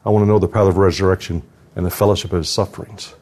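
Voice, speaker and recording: A man's voice: low-pitched, steady tone, rapid-fire, a little mellow, slightly rough. An older man giving an earnest devotional talk at a conference, telling a personal story and closing in prayer. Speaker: conference speaker. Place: conference hall.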